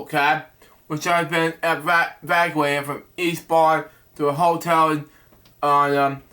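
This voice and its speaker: A man hosting a web show with a slightly high voice. He reads out news topics in a halting way and trips over names. His tone is bright and sharp. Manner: halting reading with many restarts and fillers.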